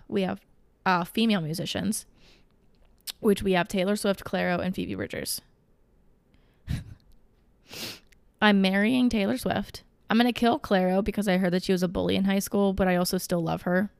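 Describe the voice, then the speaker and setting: A young woman talks straight to the camera in a loose, gushing ramble, full of fillers and quick self-corrections. Her voice sits at an ordinary middle pitch for a woman. The sound is dry and close, with no room echo. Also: vocal fry, smooth. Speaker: vlogger. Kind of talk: casual chat to camera.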